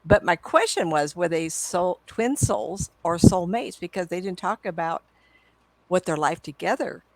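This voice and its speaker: A woman in her seventies, a psychic medium, telling stories to an audience in an excitable, chatty way with frequent laughs. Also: fairly low pitch, unhurried, dry recording. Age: 70s. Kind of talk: storytelling talk to an audience.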